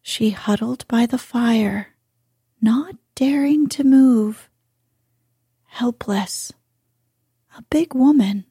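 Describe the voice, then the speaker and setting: Very slow, breathy woman reading a bedtime story. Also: a little high, no echo, clean studio sound. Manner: soft, hushed, drawn-out delivery.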